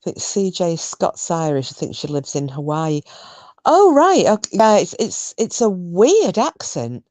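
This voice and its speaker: A woman's voice: fairly low pitch, very animated, a little slow, darkish tone, dry recording. A woman from Scotland chatting casually on a livestream, rambling and answering viewers' comments. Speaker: livestream host. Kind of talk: casual chat with live chat viewers.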